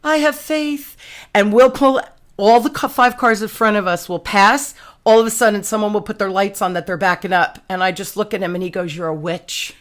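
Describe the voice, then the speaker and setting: A woman hosting a podcast, chatting casually and telling stories in an animated, exclamatory way. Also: medium pitch, fairly quick. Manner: animated storyteller, exclamatory, slangy. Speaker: podcast host. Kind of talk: casual chat.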